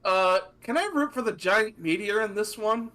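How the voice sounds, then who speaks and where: A man's voice: high-pitched, animated, moderate pace, pushed and bright. A man in casual chat making dry, sarcastic jokes and swearing.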